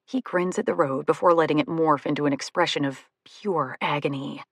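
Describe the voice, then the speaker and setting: Husky lowish woman reading a romcom audiobook, expressive and funny. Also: normal speed, few pauses, dry recording, studio quality. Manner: expressive, comic and lively in dialogue. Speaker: audiobook narrator. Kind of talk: first-person audiobook narration.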